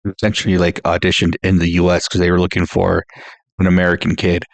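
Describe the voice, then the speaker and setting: A man's voice: sits low, completely flat delivery, fast talker, vocal fry, no room sound. A man co-hosting a casual movie podcast, telling stories in an easygoing way. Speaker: podcast co-host.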